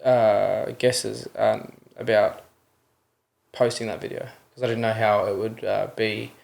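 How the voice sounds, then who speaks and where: A man's voice: fairly low pitch, little pitch movement, unhurried, vocal fry, darkish tone. A young Australian man telling a personal story as a podcast guest, earnest, often adding "you know what I mean" and acting out the voices in his retellings. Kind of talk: candid interview storytelling.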